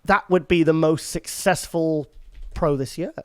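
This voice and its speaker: A man's voice: a little high, measured pace, a little mellow, clear, resonant tone, no room sound. Teasing man, dry sound. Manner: joking, teasing, self-mocking. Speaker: co-host. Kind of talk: casual chat.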